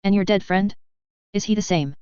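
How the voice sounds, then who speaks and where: A woman reading the part of a fat, cultured male noble who speaks with a posh upper-class accent, measured and polished. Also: medium pitch, mellow, smooth, no room sound, highs cut off, natural voice. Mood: cool, polite.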